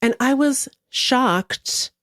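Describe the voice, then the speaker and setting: A woman's voice: sits high, very slow, no room sound, studio quality. Wry chatty woman co-hosting a podcast. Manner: chatty, wry and deadpan, with swearing. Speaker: podcast co-host. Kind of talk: casual podcast chat.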